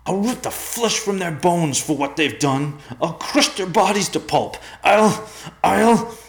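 A man voicing an enraged young male bear, croaking and shouting with rage in a storybook reading. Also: sits high, animated, unhurried, echoey room, voice pushed up, exaggerated voice. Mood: raging.

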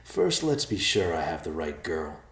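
A man's voice: extremely low pitch, exaggerated voice. A man voicing a cold, mocking villain. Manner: calm, mocking, slow and deliberate. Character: cold, taunting male villain messenger. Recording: roomy echo.

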